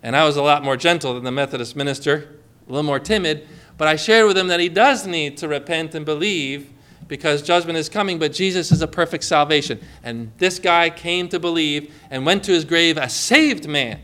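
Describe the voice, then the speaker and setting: Bright, high-voiced preacher man. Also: a little fast, clean tone. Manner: emphatic, acts out quoted voices. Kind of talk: sermon.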